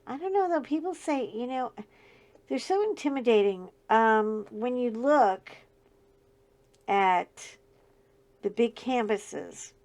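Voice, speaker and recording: Pitched on the high side with a darkish tone, a middle-aged crafting channel host chats about her diamond painting in an animated way. She speaks slowly, pausing often, and her scratchy voice breaks into laughter frequently.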